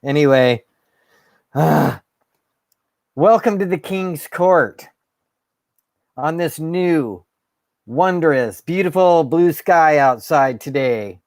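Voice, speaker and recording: A man's voice: on the high side, a little mellow, no echo, clean studio sound. Fired-up man ranting as host. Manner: fired up, swearing, sarcastic. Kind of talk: ranting monologue.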